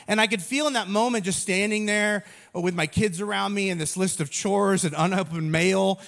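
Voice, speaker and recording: A man in his thirties giving a humorous sermon as a pastor, telling stories in an animated, self-mocking way. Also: high-pitched, moderate pace, vocal fry.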